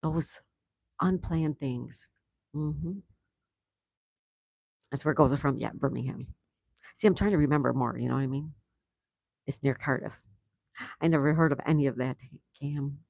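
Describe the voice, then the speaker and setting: A woman's voice: low-pitched, a little slow, gravelly, pauses often, darkish tone, no room sound. A woman hosting a casual live stream, chatting and laughing as she greets viewers and answers their comments. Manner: laughs often. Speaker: livestream host. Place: home in Florida.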